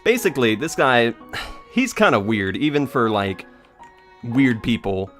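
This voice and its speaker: A man's voice: medium pitch, sing-song, a little slow, fairly bright tone, faint music behind. A young man giving casual, rambling commentary while playing a video game, joking as he tells stories. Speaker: let's play gamer.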